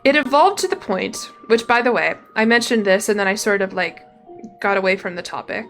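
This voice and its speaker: A woman's voice: mid-range voice, a little fast, a bit bright. A young woman streaming, chatting casually and rambling with lots of fillers and restarts. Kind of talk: casual live-stream chat. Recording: faint music behind.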